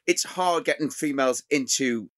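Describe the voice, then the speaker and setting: A man's voice: mid-range voice, fairly bright tone, no echo, studio quality. A middle-aged man hosting a casual chat with a fellow chef, often restarting and repeating words as he forms questions. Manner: halting, repeats words while forming questions. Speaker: host chef interviewer.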